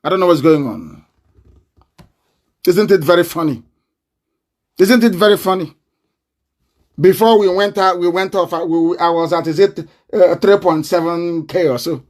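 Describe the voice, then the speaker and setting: Nigerian guy going off on a live stream, high voice, loud and combative, laughing at people. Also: moderate pace, pauses often. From southeastern Nigeria. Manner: fiery and confrontational, with mocking laughter. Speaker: broadcaster. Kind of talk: live online broadcast.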